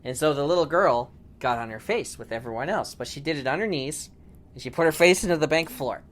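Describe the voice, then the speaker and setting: A father telling a playful bedtime story to his daughter, laughing often and shouting the robbers' lines. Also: on the high side, fairly quick. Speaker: storyteller dad.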